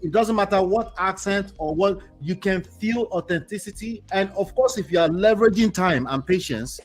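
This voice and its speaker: A man with a Nigerian accent hosts a casual chat, his voice sitting a little higher than most men's. He talks in an animated, joking way and hammers his points home by repeating himself, with faint music under the talk. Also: moderate pace. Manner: animated, joking, emphatic repetition. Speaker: podcast host.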